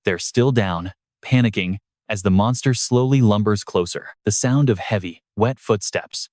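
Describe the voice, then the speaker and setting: A man's voice: on the low side, moderate pace, a little mellow, no room sound, clean studio sound. A man narrating a story recap in a dramatic, scripted storytelling manner. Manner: dramatic storytelling with brief voiced quotes.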